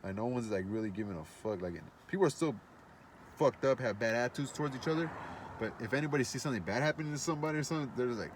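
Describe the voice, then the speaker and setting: A man's voice: medium pitch, animated, very fast, noisy background. A man telling a long personal story in casual speech, rambling and profane, with many fillers and restarts.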